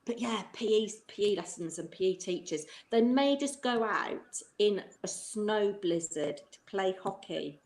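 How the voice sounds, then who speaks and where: With a medium-pitched, slightly mellow voice, she speaks a little slowly and rarely pauses. A former teacher in middle age, she's chatting casually at length on a live-stream video call, laughing often, in a roomy, echoing space.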